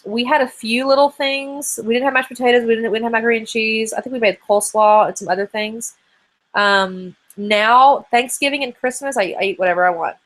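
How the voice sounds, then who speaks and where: A woman's voice: on the high side, steady tone, fairly quick, fairly bright tone. Chatty woman in her thirties. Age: 30s. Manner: chatty and rambling, many fillers. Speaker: host of a live video hangout. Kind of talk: casual live chat answering viewer questions.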